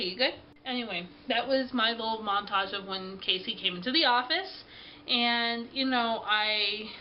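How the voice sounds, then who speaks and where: A woman's voice: mid-range voice, muffled recording. A woman vlogger telling a story in a rambling, chatty way, sounding sniffly and tired. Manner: rambling, chatty, with many fillers. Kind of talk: casual storytelling vlog.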